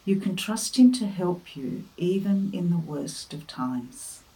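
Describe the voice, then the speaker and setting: A woman giving a devotional talk, telling a family story and offering earnest, gentle encouragement. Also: lowish voice, expressive, takes it slowly, low-quality recording. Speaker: devotional speaker.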